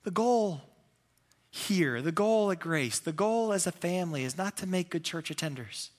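A man's voice: high-pitched, moderate pace, long reverb tail. A man preaching a sermon as pastor, telling stories with acted-out quotes and a self-deprecating humor. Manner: animated storytelling with acted-out quotes.

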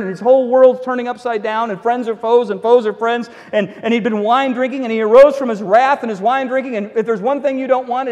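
A man preaching a sermon, retelling a Bible story with animated storytelling, acting out the characters and adding wry asides. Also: very high voice, long reverb tail, lo-fi sound. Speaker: pastor.

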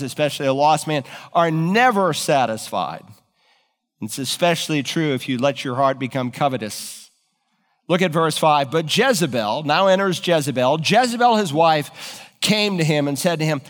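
A man preaching a sermon, retelling scripture with animated, dramatic storytelling in a church. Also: a little high, moderate pace, in a large hall. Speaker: pastor.

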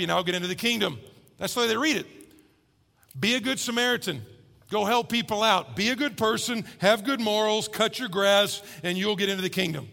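Man, pastor, sermon, high-pitched, long church hall reverb. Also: gravelly. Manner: animated, acts out characters' voices.

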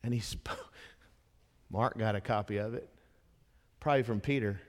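A man preaching a sermon as a dramatic storyteller, dropping to a hush and then rising to impassioned emphasis. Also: fairly low pitch, normal speed. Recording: long hall reverb.

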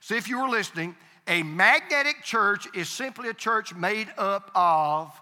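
A man's voice: high voice, expressive, unhurried, pushed and bright. A man preaching a sermon as pastor, emphatic, repeating key phrases and calling on the congregation to answer. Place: church sanctuary. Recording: reverberant hall.

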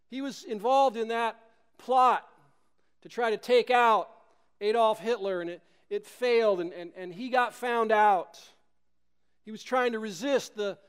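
Pastor, male, emphatic sermon with rhetorical questions; clear, resonant tone. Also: very high-pitched.

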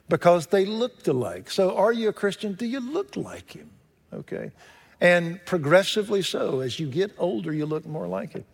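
Man, pastor preaching, high-pitched voice, animated, loud then hushed, long church reverb. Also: normal speed, gravelly. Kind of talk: sermon.

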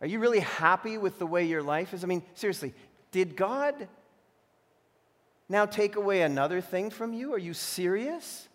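A man preaching a sermon as a pastor, switching between emphatic declarations and hushed, imagined voices of temptation. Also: sits high, lively intonation, normal speed. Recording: long reverb of a large hall.

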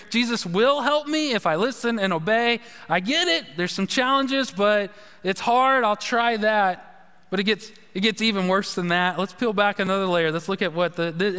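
A man delivers a sermon in a loose, conversational way. His voice sits high and sounds bright and forceful as he retells a story and plays out the voices in it. The sound carries a long reverb from a large hall. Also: clear, resonant tone. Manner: conversational, animated storytelling with acted-out quotes. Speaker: pastor.

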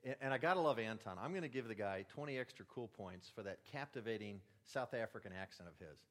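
A man's voice: fairly low pitch, lively intonation, fast. Man preaching a lay sermon. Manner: self-deprecating, conversational, warm asides. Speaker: church elder giving the sermon. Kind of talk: lay sermon with light humor.

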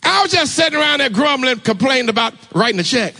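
High, bright-voiced preacher man. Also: fast. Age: adult, married. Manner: call-and-response, urging the congregation to answer; animated storytelling with sudden shouts. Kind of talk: sermon testimony.

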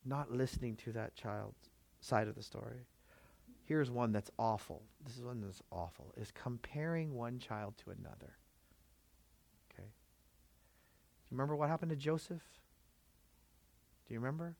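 A man's voice: medium pitch, moderate pace, creaky, pauses often, a little mellow, no echo. A man of Filipino background preaching a sermon, emphatic and full of rhetorical questions to the congregation. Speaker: pastor.

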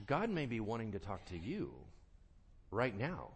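A male pastor preaching a sermon, swinging from quiet earnest talk to loud animated bursts and acting out quoted voices. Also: fairly low pitch, unhurried, breathy edge.

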